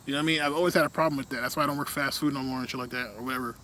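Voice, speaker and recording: A young man in a casual, rambling rant, full of fillers, often trailing off quietly at the ends of his thoughts. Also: medium pitch, steady tone, very fast, a little hiss or hum.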